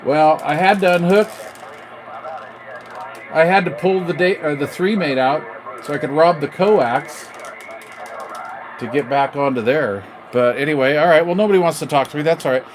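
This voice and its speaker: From his kitchen table, a middle-aged man chats on a live stream while calling out over CB radio, using plenty of slang and radio lingo. His voice is fairly high and moderately paced with frequent pauses, and there's slight background noise.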